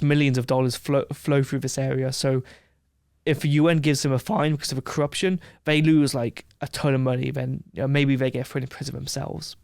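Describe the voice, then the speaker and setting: A man from England, a podcast guest telling a brash, animated story in casual chat. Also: medium pitch, creaky, dry recording, studio quality.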